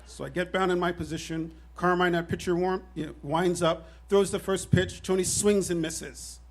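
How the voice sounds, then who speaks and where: A man in his fifties telling a personal story on stage at a live show, animated and wry with self-deprecating humor. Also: sits high, normal speed.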